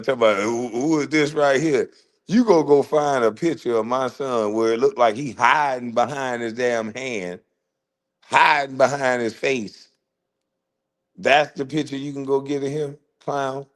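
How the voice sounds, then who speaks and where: A man, ranting in a loud, taunting roast, firing repeated questions and laughing often. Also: medium pitch. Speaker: host. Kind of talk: roast rant.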